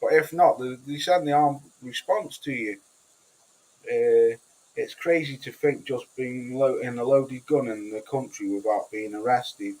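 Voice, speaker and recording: A man's voice: mid-range voice, measured pace, a little mellow, rough recording. A man with a Cheshire English accent, hosting a livestream and chatting casually with viewers in a blunt, sweary, rambling way full of restarts. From Cheshire, England. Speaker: livestream host. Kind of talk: casual livestream chat reading comments.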